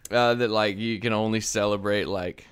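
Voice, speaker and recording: A man co-hosting a podcast in loose, animated chat, laughing often and mimicking voices. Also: fairly low pitch, moderate pace, clean tone. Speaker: podcast co-host. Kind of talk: casual chat.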